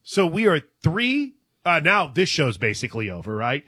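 Man, host, husky voice, dry booth sound, teasing, upbeat, sports talk. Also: a little high, wildly swooping pitch, moderate pace, sharp tone, no room sound. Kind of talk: casual sports talk show.

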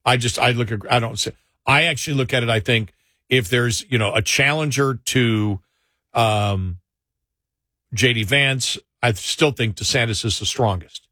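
A man hosts a casual political talk show, chatting conversationally with occasional sarcasm and frequently correcting himself mid-sentence. His medium-pitched voice is bright and forceful at a moderate pace, recorded dry with clean studio sound.

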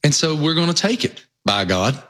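A man's voice: on the high side, sing-song, moderate pace, a bit bright. A man with a Southwest Virginia accent, co-hosting a casual sports chat and telling rambling, folksy stories. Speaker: co-host.

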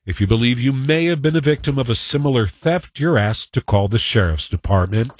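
Man with a New York accent, news anchor, lively pitch, husky, dry studio sound. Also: a little fast, no echo. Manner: conversational, wry, animated. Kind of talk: radio newscast.

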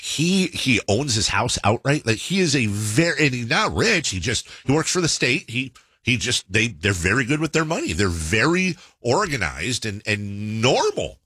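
A man on a podcast tells a story in a loose, rambling way and keeps stopping to correct himself. His voice is bright and lively, with wide swings in pitch. The studio sound is dry and close. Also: moderate pace, breathy edge, no echo. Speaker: podcast host. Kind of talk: casual storytelling chat.

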